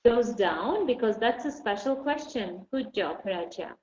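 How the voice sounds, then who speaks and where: High-voiced woman teaching a class. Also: lively intonation, a little slow, hardly any pauses, a little mellow. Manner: encouraging, patient questioning. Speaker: English teacher. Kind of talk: online class lesson. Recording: dull roomy recording with faint noise.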